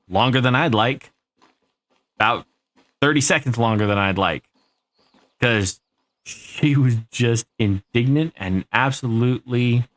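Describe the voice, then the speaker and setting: A man's voice: mid-range voice, a bit bright, no room sound. A man live streaming a game, telling a rambling, profane story to his chat. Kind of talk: casual storytelling while gaming.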